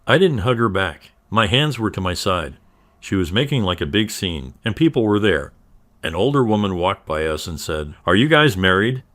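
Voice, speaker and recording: A man narrating a first-person story in a steady, even reading style. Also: sits low, moderate pace.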